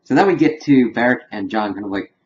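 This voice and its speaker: A man's voice: mid-range voice, animated, fast, muffled recording, a little hiss or hum. A young man casually reviewing a TV episode, retelling the scenes in a chatty way with loosely quoted dialogue.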